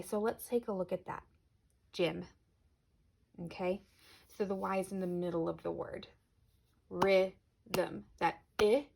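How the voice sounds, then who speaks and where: Gravelly, husky woman teaching spelling. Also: on the low side. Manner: patient, clear, slows down on example words. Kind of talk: recorded spelling lesson for children.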